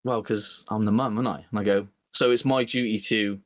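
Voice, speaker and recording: A man co-hosting a podcast, telling an animated story and acting out both sides of an argument with his partner. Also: fairly low pitch, fairly quick, dry recording. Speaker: podcast co-host. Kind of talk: casual chat.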